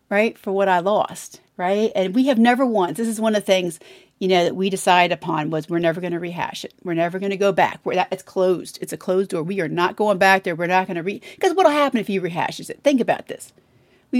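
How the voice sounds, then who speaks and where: A woman's voice: mid-range voice, no echo, studio quality. A woman co-hosting a Christian podcast, telling a heartfelt personal story of forgiveness and then reading a sponsor message. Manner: heartfelt, emotional, tearful at times. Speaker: podcast co-host. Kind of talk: faith testimony and sponsor read.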